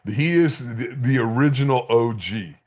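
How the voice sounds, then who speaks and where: A man's voice: mid-range voice, measured pace. A man in his fifties hosting a podcast, chatting casually with friends and telling stories in a profane, joking way. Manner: profane, joking, animated storyteller. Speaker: podcast host.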